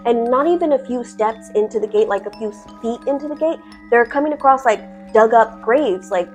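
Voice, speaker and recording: Woman storyteller, higher voice, swears a lot, dramatic horror storytime, soft music under. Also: moderate pace. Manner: profane, dramatic, chatty.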